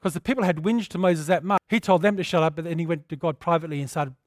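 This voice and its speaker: A man preaching a passionate sermon, rising to loud declarations and dropping to quiet storytelling. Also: a little high, fast talker, dry recording, clean studio sound. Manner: impassioned preaching, swinging between loud declarations and hushed storytelling.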